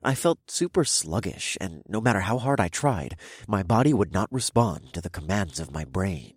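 A man's voice: deep voice, very animated, moderate pace, slightly rough, dry recording, studio quality. A young man narrating a first-person audiobook in a wry, casual, profane way.

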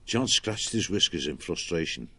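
Male narrator, deep, even, measured storybook reading. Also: a crowd in the background.

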